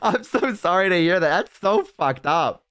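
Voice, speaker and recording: A woman's voice: lowish voice, animated, normal speed, clear, resonant tone. A woman in casual chat, listening and responding supportively. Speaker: guest.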